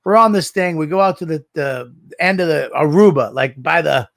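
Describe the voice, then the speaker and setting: A man co-hosting a podcast, telling a profane, animated story in casual banter on a studio microphone. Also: a little high, normal speed, creaky, dry recording. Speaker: podcast co-host.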